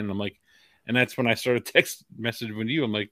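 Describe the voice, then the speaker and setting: A man telling a story in a casual chat over a video call, animated and laughing as he acts out quotes. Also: on the low side, fast talker, dry recording, studio quality.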